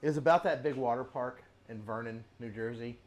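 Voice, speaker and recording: A man's voice: medium pitch, fairly quick. A middle-aged man hosting a casual workshop chat, telling long rambling stories and chuckling often. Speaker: host.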